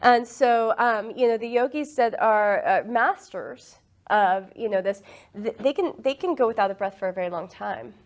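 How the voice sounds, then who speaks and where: Earnest woman meditation teacher, casual group talk, slightly high voice, easy laughter. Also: normal speed. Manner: laughs often, earnest and enthusiastic.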